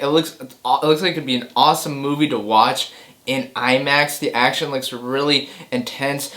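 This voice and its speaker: A man's voice: fairly high pitch, fairly even intonation, normal speed, a bit bright. A man hosting a casual movie reaction chat, speaking enthusiastically and often restarting or repeating words. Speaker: host of a movie news chat show.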